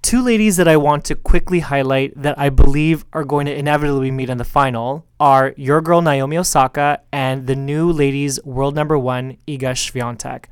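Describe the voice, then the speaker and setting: Male podcast host, sassy and chatty, smooth clear voice, dry close sound. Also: mid-range voice, normal speed, few pauses, no room sound. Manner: sassy, chatty, calls listeners girl. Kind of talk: casual solo tennis podcast chat.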